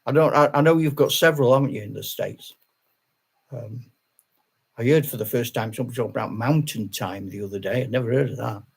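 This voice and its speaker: A man's voice: mid-range voice, fairly quick, vocal fry, husky. An older retired man, a channel host, chatting casually on a live stream, rambling with restarts and laughing often.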